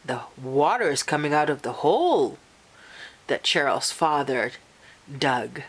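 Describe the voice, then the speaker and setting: A woman reading a children's picture book aloud, animated and expressive, pausing to talk to young listeners. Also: low voice, husky. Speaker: storyteller.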